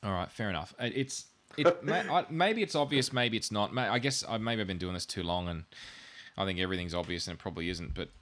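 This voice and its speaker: Talking fast and expressively in a lowish, fairly bright voice, this man hosts a podcast and walks through networking equipment. His explanation rambles, full of self-deprecating jokes. He admits to too much coffee and sounds wired.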